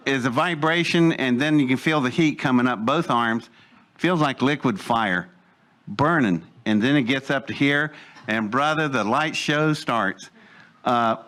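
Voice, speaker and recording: Older man, animated storyteller. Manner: animated, laughs mid-sentence, jumps higher when excited. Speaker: eyewitness storyteller. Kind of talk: first-person storytelling.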